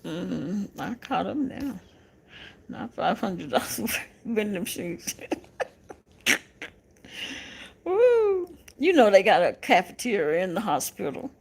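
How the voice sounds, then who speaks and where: Southern woman host, creaky gravelly voice, unhurried, chatty live-chat banter with lots of laughter. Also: on the low side, expressive. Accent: Southern American. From American South. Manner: laughs often, teasing and chatty with viewers. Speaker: livestream host reading viewer comments.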